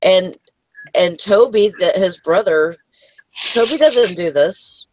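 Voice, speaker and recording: A woman's voice: on the low side, animated, takes it slowly, a little mellow, no echo, poor audio. A woman talks bluntly and loosely, throwing in curse words as she rambles. It is casual live-show chat. The sound is dry with no room. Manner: rambling, blunt, swears freely.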